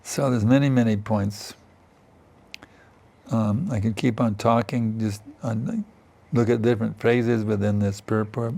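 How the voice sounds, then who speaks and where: A man's voice: lowish voice, steady tone, unhurried, gravelly, darkish tone. An older man teaching a scripture class in a temple, talking in a chatty way and often asking "isn't it" and "you see". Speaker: spiritual teacher giving a class. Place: temple in Vrindavan.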